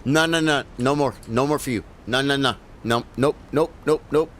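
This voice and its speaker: A man voicing a stern, disapproving middle-aged dad who scolds in quick repeated refusals, in a lively gaming stream. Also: medium pitch, a little hiss or hum, voice pushed up, natural voice. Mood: scolding.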